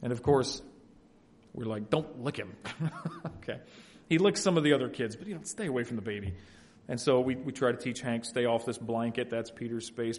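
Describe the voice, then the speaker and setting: A man preaching an expository sermon, shifting between quiet, folksy asides and loud, emphatic passages. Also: mid-range voice. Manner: folksy family anecdotes, laughs at own stories. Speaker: pastor.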